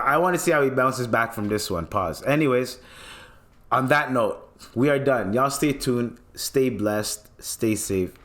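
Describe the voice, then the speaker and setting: A man's voice: lowish voice, fairly bright tone. A young man from Canada hosting a casual podcast monologue, joking and swearing freely. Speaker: podcast host.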